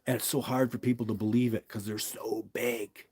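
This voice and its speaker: Husky-voiced man, emphatic rambling talk. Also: medium pitch, fairly even intonation, a little fast, a little mellow, no echo. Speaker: Bigfoot researcher answering viewer questions. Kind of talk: live stream Q&A, casual monologue.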